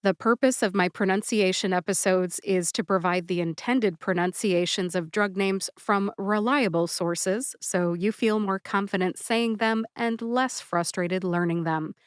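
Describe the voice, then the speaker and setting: Clear, deliberate woman host. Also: medium pitch, no echo, clean studio sound. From United States. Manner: clear, deliberate, slows to spell out syllables. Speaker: pharmacist podcast host. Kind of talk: scripted educational podcast.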